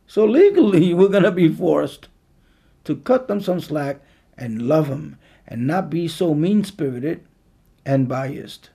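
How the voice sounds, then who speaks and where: A man preaching a sermon, with earnest, drawn-out emphatic phrasing and a gravelly voice. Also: high-pitched, warm tone.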